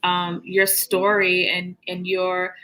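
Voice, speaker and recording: A woman's voice: fairly low pitch, monotone, takes it slowly, pushed and bright, soft background music, rough recording. A woman hosting a casual live online chat, hesitant with many fillers. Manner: emotional, laughing through tears. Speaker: host.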